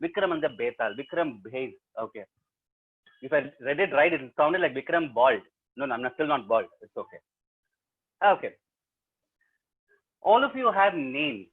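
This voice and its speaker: A man's voice: medium pitch, very animated, normal speed, pauses often, husky. A man with a South Indian accent, a professional storyteller, telling a story to an online audience in a playful, teasing way and talking straight to his listeners. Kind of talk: interactive storytelling webinar. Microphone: laptop mic over a video call. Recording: tinny video-call audio.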